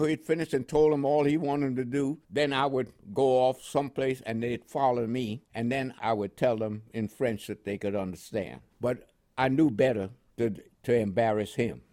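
A man's voice: mid-range voice, darkish tone. An older American man reminisces in a radio interview. He rambles and circles back, leaning on fillers and restarts as the stories unfold. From United States. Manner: rambling storytelling with frequent fillers. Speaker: guest.

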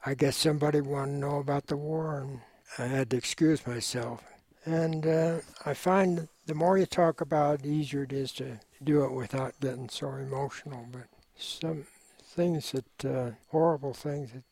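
Older man recalling, measured and hesitant. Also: a little high, steady tone, darkish tone, no echo. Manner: measured, reflective, hesitant with fillers. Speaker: war veteran interviewee. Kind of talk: oral history interview.

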